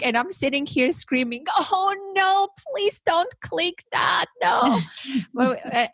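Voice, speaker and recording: A woman podcast host telling stories in a casual, animated way, acting out the voices she quotes. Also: no room sound. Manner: animated, acts out quoted voices with big pitch jumps. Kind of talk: casual conversational storytelling.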